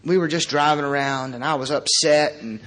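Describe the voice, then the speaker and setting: A man in his thirties sharing his recovery story before a group, earnest and halting, with long pauses and wry, self-mocking humor. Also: fairly high pitch, steady tone, a bit bright. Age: 30s. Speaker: recovery meeting speaker. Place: meeting room before a live audience.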